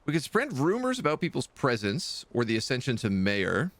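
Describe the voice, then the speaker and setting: Chatty male streamer, lively pitch. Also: normal speed, dry recording. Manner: chatty, reads game text aloud. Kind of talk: casual game commentary.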